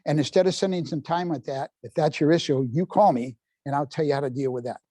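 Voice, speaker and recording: A man in his seventies runs a live parenting workshop in a public library meeting room, quizzing the audience and dropping folksy asides. He talks fast in a slightly high, warm voice with no echo.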